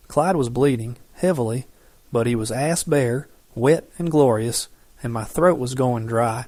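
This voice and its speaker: A man reading a romance audiobook in scripted narration, steady and measured. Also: medium pitch, no echo.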